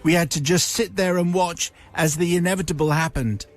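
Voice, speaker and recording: A radio host, a man, reading a listener's funny letter aloud in a lively, playful storytelling manner. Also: fairly high pitch, a little fast. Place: radio studio.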